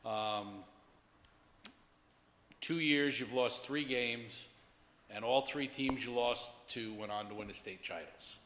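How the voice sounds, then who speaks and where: A man's voice: medium pitch, takes it slowly, long pauses, a bit bright. Man at a school board meeting. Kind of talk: meeting remarks. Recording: echoey hall with background noise.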